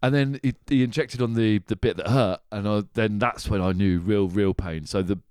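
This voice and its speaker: A man's voice: on the low side, moderate pace, darkish tone, smooth, no room sound, studio quality. A man hosting a podcast, telling a story in casual chat, laughing often and swearing. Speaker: podcast host.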